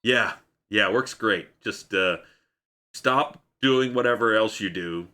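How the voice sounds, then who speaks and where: A man's voice: fairly low pitch, slow pace, sharp tone. A man doing a comic impression of a brawny male movie star with a vaguely Scottish accent, boastful and mock-earnest.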